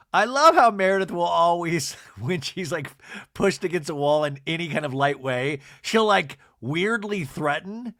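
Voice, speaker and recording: A man hosting a comedy podcast, recapping reality TV in a lively, camp way full of jokey asides. His voice sits high for a man and sounds bright and sharp. The close mic sits in a dry, dead room. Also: unhurried, no room sound. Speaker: podcast host.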